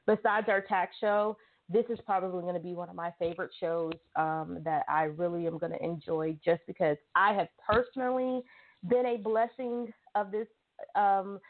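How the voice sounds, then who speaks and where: Southern woman hosting her talk show, chatty and teasing, calls everybody y'all, sounds tinny like a phone line. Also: medium pitch. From South Carolina, US. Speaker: show host. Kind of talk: casual talk show chat.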